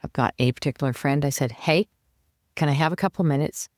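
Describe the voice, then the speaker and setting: Low-voiced woman coaching, animated. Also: a little fast, dry recording, studio quality. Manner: animated, acts out her own inner voice. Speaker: coach, podcast guest. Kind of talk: conversational advice.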